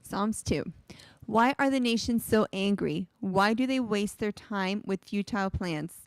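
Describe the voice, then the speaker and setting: Woman, scripture reader, smooth clear voice, reads aloud with projection, dry sound. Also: mid-range voice, a little slow, dry recording. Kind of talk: reading scripture aloud in a discussion.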